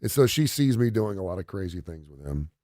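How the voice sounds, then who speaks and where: A middle-aged man hosting a radio talk show, telling family anecdotes in a casual, animated way and laughing often. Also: sits low, brisk, dry recording, studio quality. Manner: animated anecdote teller, quotes his kids, laughs often. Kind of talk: casual radio chat, storytelling.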